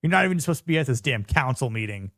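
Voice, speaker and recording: A man's voice: medium pitch, lively intonation, rapid-fire, a bit bright, no echo, studio quality. A man giving casual reaction commentary on a TV episode, blunt, profane and joking. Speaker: show reviewer.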